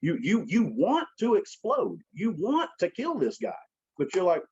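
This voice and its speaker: Blunt, husky-voiced man on a lo-fi line. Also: high-pitched, huge pitch swings, a little slow, dark tone. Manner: blunt, profane and emphatic. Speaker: guest, strength coach and gym owner. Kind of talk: casual podcast chat. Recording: dull lo-fi sound.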